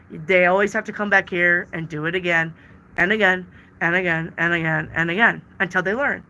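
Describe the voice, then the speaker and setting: A woman's voice: lowish voice, pushed and bright, a little hiss or hum. A woman reading tarot on a live stream, reading out viewer questions and answering them with emphatic repetition. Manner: emphatic, repeats words for stress. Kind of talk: casual live-stream chat.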